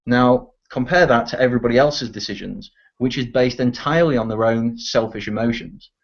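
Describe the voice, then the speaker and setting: In dull, lo-fi voice chat audio, a teen boy with a medium-pitched voice speaks briskly. He's one of the people in a casual online discussion, venting bluntly with frequent profanity.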